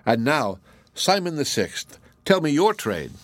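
A man's voice: on the high side, very animated, unhurried, no room sound, pitched above the performer's own voice. A man voicing a stern, commanding king in a storybook reading, given to abrupt outbursts. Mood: regal.

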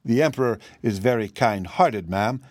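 A man's voice: mid-range voice, normal speed, dry recording, close to an everyday voice. Man voicing a polite old wizard, grave, storybook reading, dry mic. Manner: courteous, grave explaining. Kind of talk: audiobook reading.

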